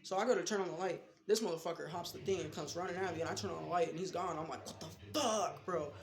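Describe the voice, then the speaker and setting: A man's voice: a little high, steady tone, racing, gravelly. A young man in his late teens telling rambling, profane, slangy stories in a casual vlog from his bedroom. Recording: echoey room with music behind.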